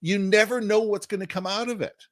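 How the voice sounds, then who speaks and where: A man in his fifties, originally from Canada, appears as a podcast guest and tells a lively anecdote, leaning into the punchlines. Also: high-pitched, brisk. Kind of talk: animated storytelling in conversation.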